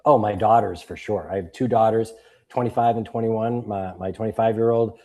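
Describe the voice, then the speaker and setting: A man's voice: on the low side, moderate pace. A man in his fifties from Boston, a guest author and coach telling stories in a casual interview and acting out the voices of people he quotes. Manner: animated storyteller who acts out quoted voices.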